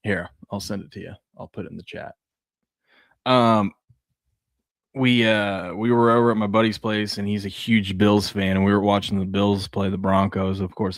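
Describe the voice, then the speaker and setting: A man's voice: fairly low pitch, no room sound, clean studio sound. A man in his thirties, a sports show co-host, chatting casually and telling laid-back stories about his kids. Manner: laid-back storytelling with laughs. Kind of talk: casual chat.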